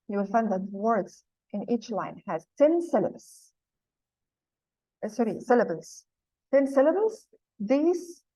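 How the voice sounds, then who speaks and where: A woman teaching a class, slowing down to explain each term and repeating the key points. Her voice sits a little high. The recording is dull and lo-fi, with a dry close sound. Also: a little mellow, dry recording. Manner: patient, repeats key points, speaks slowly to explain terms. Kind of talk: classroom lesson.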